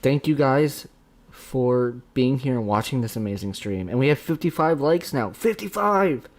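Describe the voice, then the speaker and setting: A man's voice: mid-range voice, moderate pace, a little mellow. A young man hosting a casual live stream, chatting with a friend and thanking viewers as he rambles. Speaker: streamer hosting a subscriber livestream.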